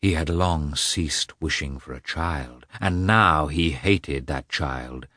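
A man giving a slow, expressive scripted reading of a novel as an audiobook narrator. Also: very deep voice, dry recording, studio quality.

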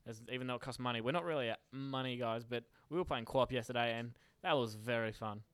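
A man's voice: mid-range voice, fast talker, a bit bright, clear, resonant tone, no room sound. Young male co-host, upbeat and jokey, dry close mic. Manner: enthusiastic, jokey, laughing often. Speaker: podcast co-host. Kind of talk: casual chat.

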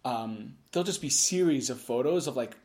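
Deep-voiced woman cohost, halting, says "like" and "um" a lot. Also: expressive, darkish tone. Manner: halting, filler-heavy, laughs often. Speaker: podcast co-host. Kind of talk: casual podcast chat.

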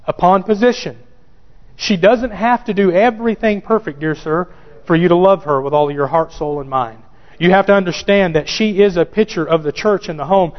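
A man preaching with a fairly high voice, driving his points home by repeating them. He speaks straight to the men in the pews. The recording is dull and rings with long church reverb. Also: fairly quick, hardly any pauses. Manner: emphatic, repeats key phrases, addresses listeners directly. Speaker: pastor. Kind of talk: sermon.

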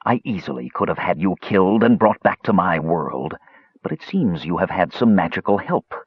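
A cold, expressionless old wizard's ghost speaks in a whispery, rustling hush, as a man reads him. The storybook voice sits low and breathy. The recording is slightly muffled. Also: sing-song, normal speed, no echo, heavily acted. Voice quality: whispery, dry rustling speech.

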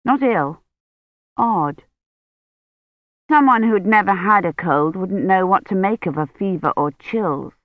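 Slow even audiobook narrator, dry close recording, kinda muffled. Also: medium pitch, dry recording. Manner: measured, even reading. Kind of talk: scripted narration. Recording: dull lo-fi dry studio audio.

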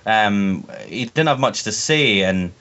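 A man's voice: lowish voice, lively intonation, slow, fairly bright tone. A young man co-hosting a casual podcast, rambling and joking with frequent restarts. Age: young adult. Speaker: podcast co-host, fan filmmaker. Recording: dull lo-fi sound.

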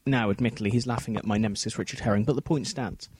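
A man's voice: lowish voice, steady tone, fast, darkish tone, a little hiss or hum. A man co-hosting a podcast, recording a rambling, self-deprecating solo segment. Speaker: podcast co-host.

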